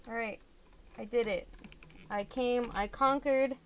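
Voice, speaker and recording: Slow-talking, chatty young woman vlogger. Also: high voice, a bit bright, a little hiss or hum. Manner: chatty, exclaiming over fiddly handwork. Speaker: doll hobby vlogger. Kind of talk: casual crafting vlog.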